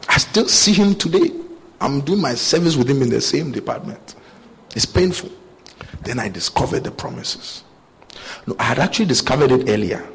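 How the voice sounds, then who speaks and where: This young preacher's mid-range voice is gravelly, and there's slight background noise. Animated in his storytelling, he shares personal anecdotes from the pulpit and voices every character in his dialogues.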